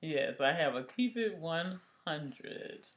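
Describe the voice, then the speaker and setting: A woman's voice: sits low, animated, slow pace. A woman co-hosting a casual podcast, talking in a blunt, teasing way. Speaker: podcast co-host.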